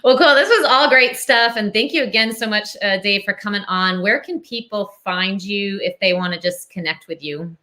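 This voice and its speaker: Bright, upbeat Southern woman host. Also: medium pitch, moderate pace, few pauses. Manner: upbeat, laughing. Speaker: podcast host. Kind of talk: casual interview hosting.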